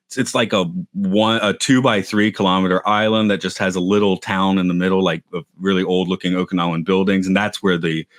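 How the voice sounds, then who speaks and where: A man co-hosting a podcast, chatting casually in a halting, rambling way with many restarts. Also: low-pitched, a bit bright, dry recording, clean studio sound. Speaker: podcast co-host. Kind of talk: casual chat. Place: lives in Japan.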